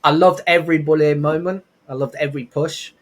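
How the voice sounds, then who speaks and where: A man's voice: on the high side, a little fast. A young man, a podcast guest, telling casual rambling stories with lots of restarts. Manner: rambling, animated anecdotes with many restarts. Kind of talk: casual storytelling.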